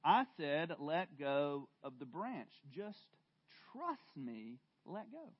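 The patient voice of God, as a preacher puts it on, soft and steady, answering with quiet authority. He speaks low in level and unhurried. The recording sounds dull and lo-fi. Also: breathy edge, no echo, exaggerated voice. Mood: calm. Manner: calm, quiet, gently firm.

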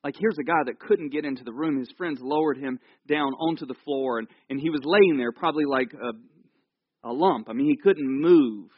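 A man giving a conversational, jokey sermon in a church, telling the story with animated asides. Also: medium pitch, normal speed, slightly rough, dry recording, muffled recording. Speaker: pastor.

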